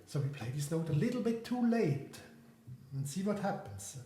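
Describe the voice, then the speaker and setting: A man giving a piano lesson, talking things through in a soft, reflective way while he plays. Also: a little high, very animated, normal speed, echoey room, a little hiss or hum. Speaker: piano teacher. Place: room with a piano.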